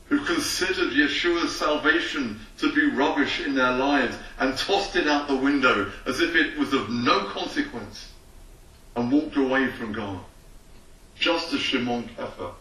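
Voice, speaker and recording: The rabbi's medium-pitched voice sits far from the microphone, carrying a roomy echo. After reading scripture aloud, he launches into his sermon, voicing imagined conversations with lively characterization.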